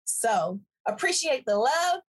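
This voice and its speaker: A woman co-hosting a podcast, chatting casually and playfully, laughing often and drawing some words out slowly. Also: high-pitched, big pitch swings, slightly rough, poor audio. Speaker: podcast co-host. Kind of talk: casual chat.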